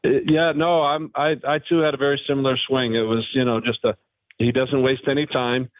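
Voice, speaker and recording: A man's voice: mid-range voice, flat delivery, no room sound. Man on a tinny phone line. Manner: halting, frank, wry. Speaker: former pro golfer guest. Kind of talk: phone-in radio interview.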